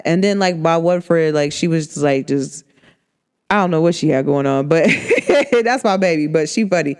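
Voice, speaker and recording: A woman with a deep, smooth voice hosts a podcast, delivering a casual monologue at a moderate pace. Her storytelling is animated, and she acts out the people she quotes.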